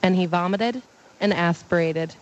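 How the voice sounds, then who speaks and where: A woman on a radio show plainly reading out the facts in a brisk, matter-of-fact way. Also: fairly low pitch, lo-fi sound. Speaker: show regular giving facts.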